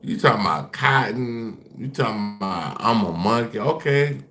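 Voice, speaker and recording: A man's voice: on the low side, expressive, normal speed, a bit bright. A man on a casual livestream, taunting and dismissing his chat while repeating himself.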